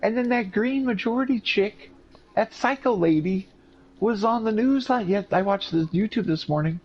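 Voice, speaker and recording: A man recovering from surgery, telling profane, animated stories in a casual chat. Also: sits high, normal speed. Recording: dull lo-fi recording with faint noise.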